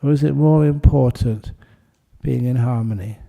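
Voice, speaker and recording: A man giving a Buddhist dharma talk, explaining with gentle humour and telling a story to make his point. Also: mid-range voice, normal speed, creaky. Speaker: Buddhist teacher.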